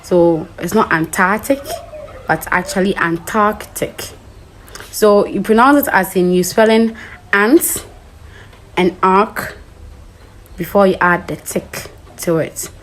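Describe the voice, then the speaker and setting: A woman hosting an English pronunciation lesson. She speaks deliberately, spells words out letter by letter and checks that the viewer understands. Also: medium pitch, slight background noise, rough recording. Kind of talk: spoken language lesson.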